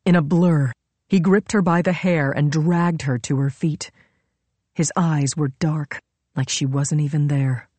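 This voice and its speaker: A woman narrating a story in a measured, dramatic way on a close mic. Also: low-pitched, warm tone, no room sound. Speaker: audiobook narrator. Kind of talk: scripted narration.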